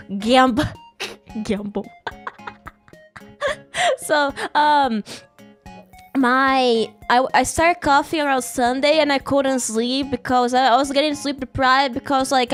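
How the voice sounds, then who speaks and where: A woman streamer in casual livestream chat, rambling and giggly, greeting chat mid-story, still getting over a sore throat and cough. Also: high-pitched.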